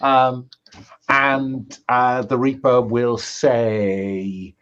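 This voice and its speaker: A man playing a tabletop game, describing a scene haltingly with many restarts. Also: medium pitch, little pitch movement, fairly bright tone, highs cut off. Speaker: player.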